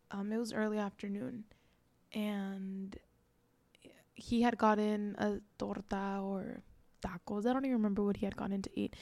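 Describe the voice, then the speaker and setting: A young woman in her twenties shares a personal story on her podcast, earnest and reflective, with lots of casual fillers. Her voice is mellow and a little gravelly with vocal fry. She keeps a fairly flat, even delivery, recorded close and dry. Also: mid-range voice, no echo. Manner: earnest, reflective, frequent "like" and "you know". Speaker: podcast host.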